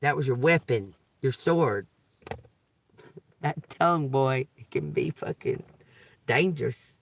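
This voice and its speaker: Gravelly man preaching on a live reading. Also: mid-range voice, animated, takes it slowly. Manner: reads scripture then riffs casually, repeats "okay?" often; emphatic, swears and laughs while preaching. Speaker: tarot reader. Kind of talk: livestream spiritual reading.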